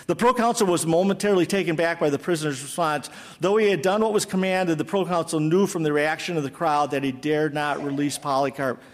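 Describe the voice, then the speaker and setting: Male preacher, sermon storytelling, slightly high voice, long hall reverb. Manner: dramatic retelling, then earnest exhortation.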